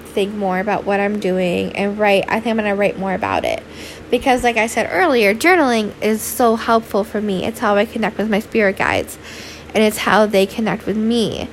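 A tired young podcaster hosts a solo show, yawning through chatty, candid talk filled with "like" and a few swears. Her voice is mid-range, and there's a bit of background noise.

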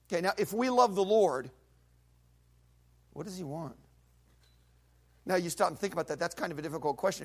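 A male pastor preaching a sermon, retelling a Bible story with vivid acted voices and sound effects. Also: sits high.

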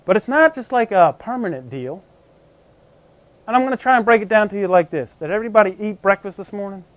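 A man's voice: high-pitched, animated, fast talker, dry recording. A man preaching a teaching sermon in a conversational way, explaining with everyday examples and often checking that his congregation is following. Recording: slightly dull, muffled recording.

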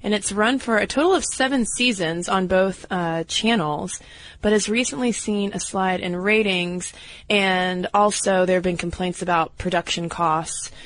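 A woman's voice: medium pitch, measured pace, no echo. Chatty woman co-host, dry close sound. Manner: chatty, wry, laughs easily. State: slightly hoarse from a cold. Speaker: podcast co-host. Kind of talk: casual chat.

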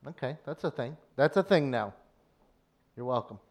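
A man's voice: mid-range voice, lively intonation, normal speed, a little mellow. A man chiming in as a co-host with dry, offhand remarks. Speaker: radio co-host. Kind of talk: casual radio banter.

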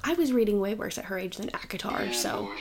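A woman's voice: medium pitch, expressive. A young woman co-hosting a podcast, chatting casually and giggling through her stories. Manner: chatty, giggly, quick asides. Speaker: podcast co-host. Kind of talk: casual chat.

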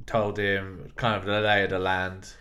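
A man's voice: low voice, completely flat delivery, measured pace, pushed and bright. A man co-hosting a casual film podcast, talking with frequent ums and restarts. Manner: hesitant, lots of ums and restarts. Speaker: podcast co-host.

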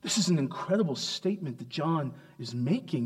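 Pastor, male, slightly higher voice, preaches with rhetorical questions and big swings from quiet to forceful. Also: expressive, brisk, hardly any pauses. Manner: dynamic, swings from hushed to emphatic. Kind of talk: sermon.

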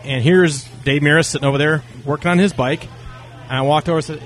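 A man's voice: fairly high pitch, fast talker, soft background music. A man in casual conversation telling long stories, acting out the dialogue of the people in them. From North Carolina. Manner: animated, acts out quoted dialogue. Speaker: interview guest. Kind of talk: casual storytelling.

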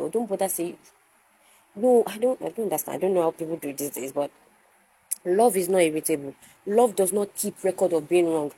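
A woman's voice: fairly low pitch, a little fast, warm tone, slightly rough, poor audio. A young woman hosting a faith-based podcast, talking earnestly and repeating rhetorical questions. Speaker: podcast host.

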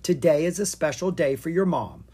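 A reader voicing a gentle, doting father dragon in a storybook. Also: mid-range voice, expressive, moderate pace, breathy edge, pitched above the performer's own voice.

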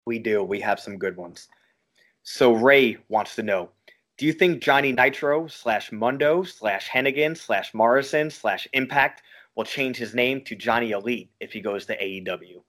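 A man's voice: medium pitch, normal speed, fairly bright tone. A man from Long Island co-hosting a wrestling podcast, talking in a casual, profane, ranting way. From Long Island, New York. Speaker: podcast co-host. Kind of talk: casual chat.

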